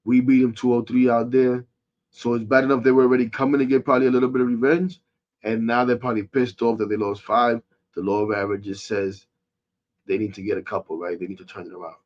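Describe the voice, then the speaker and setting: A man, hosting a sports podcast as a casual rant. He is frustrated and animated, swinging from loud outbursts to muttering. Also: mid-range voice, fast, muffled recording.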